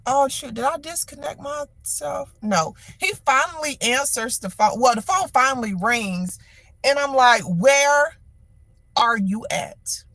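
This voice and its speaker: A middle-aged woman hosting a livestream, telling a story in an animated, exasperated way with lots of repetition. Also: high-pitched, a little slow, no room sound. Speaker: livestream host. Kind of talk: casual venting monologue.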